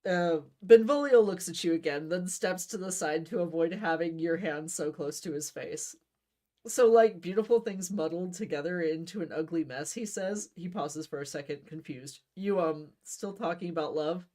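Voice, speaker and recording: A woman with a somewhat low voice reads a comic gamebook aloud. She keeps it casual and playful, breaking off for quick asides and stumbling now and then. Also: mellow. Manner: playful, laughs at own jokes, slips and restarts. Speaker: book reader.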